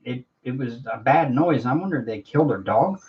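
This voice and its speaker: Man, livestream host, casual chat, lively tone, muffled distant recording. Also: medium pitch, a little fast. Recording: distant mic, dull sound.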